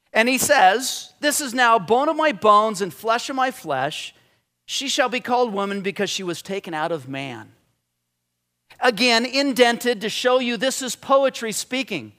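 Brief: high-voiced male pastor, lively conversational sermon delivery. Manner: animated, conversational preaching with restarts.

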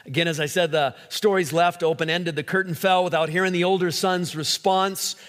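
A male pastor giving an animated sermon, acting out quotes as he preaches. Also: sits high, brisk. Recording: long hall reverb.

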